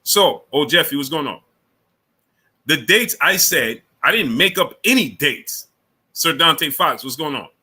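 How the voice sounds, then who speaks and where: Male streamer host, bright edgy tone, fairly high, lecturing and repetitive. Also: animated, moderate pace, slightly rough. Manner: lecturing, repeats himself, greets chatters by name. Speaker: boxing channel host. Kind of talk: live stream chat, answering viewers.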